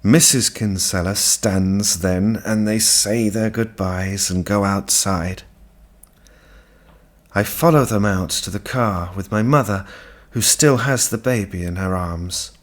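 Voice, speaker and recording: A man narrating a literary audiobook in a measured, unhurried way. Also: fairly low pitch.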